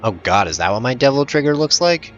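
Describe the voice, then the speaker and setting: A man's voice: mid-range voice, very animated, fast, a bit bright, faint music behind. A man hosting a gaming channel, giving voice-over commentary on gameplay in a profane, exasperated rant.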